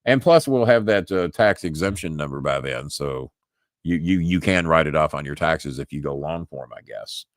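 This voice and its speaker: An older man from Louisville, Kentucky, with a Southern accent hosts a live podcast in an extremely low, expressive voice at normal speed. His casual live-stream chat rambles, with frequent chuckles and restarted words. The recording is dry.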